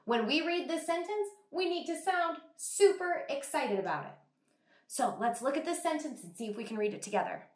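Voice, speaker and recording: A woman teacher giving an online reading lesson to young children, sounding out words slowly and praising the class. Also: high-pitched, expressive, roomy sound. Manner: slow, exaggerated sounding out of words. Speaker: kindergarten teacher.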